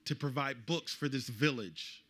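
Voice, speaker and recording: A middle-aged man tells a personal story to a live audience, his voice bright and forward. He is animated and acts out the people he quotes. His pitch sits in an ordinary middle range. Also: a little slow. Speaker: author speaking at a book event.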